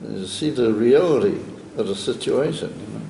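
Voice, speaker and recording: Rabbi teaching a study group, man, mellow tone, chatty with fillers, echoey room recording. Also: fairly low pitch, expressive, normal speed, creaky. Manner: chatty, many fillers, chuckles while explaining. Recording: echoey room with faint ambient noise.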